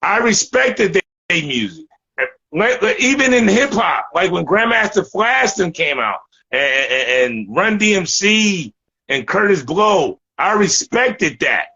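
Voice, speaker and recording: Animated bright-voiced New York man. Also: sits high, unhurried, gravelly, husky, dull audio. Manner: animated, blunt, profane, repeats words. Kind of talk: casual hip hop interview chat.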